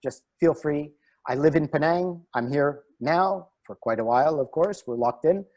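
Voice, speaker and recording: A middle-aged man, a relationship coach, giving a webinar talk over a video call and telling animated anecdotes. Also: fairly high pitch, moderate pace, lo-fi sound. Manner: animated storyteller, chuckles at himself.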